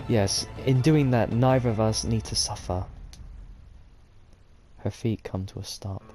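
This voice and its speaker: A man reading a visual novel's text aloud at a measured pace while playing through it. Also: fairly low pitch, mellow, faint music behind. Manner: slow, measured reading of game text with occasional sworn reactions. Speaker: gaming video host.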